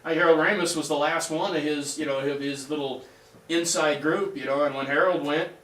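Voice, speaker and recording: A man's voice: a little high, steady tone, brisk, fairly bright tone. A man on a panel, rambling and repeating himself with jokes in a casual chat. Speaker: panel guest. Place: bathroom. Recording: echoey bathroom from far off, faint noise.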